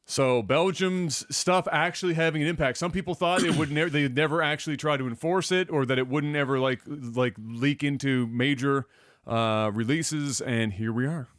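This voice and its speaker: A man hosting a casual gaming podcast, laid-back and quick to laugh as he goes through the news. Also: fairly high pitch, fairly bright tone, no echo, clean studio sound. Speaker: podcast host.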